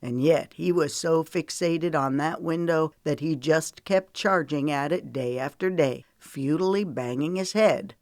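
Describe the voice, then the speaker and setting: A weary, protective man, as a woman narrator puts him on in an audiobook. He talks bluntly and earnestly in a low register. The recording is close and dry. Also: a little slow, hardly any pauses, a little mellow, dry recording. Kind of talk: audiobook character voice.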